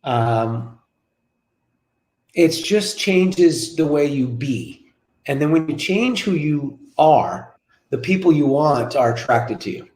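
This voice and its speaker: A lively man in his forties tells an anecdote as a guest on a web show, sitting in his office. He repeats key phrases for emphasis, and his voice sits a touch high. The video-call audio picks up a roomy echo off the office walls. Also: slow pace. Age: 40s. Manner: energetic, repetitive, storytelling. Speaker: guest business coach.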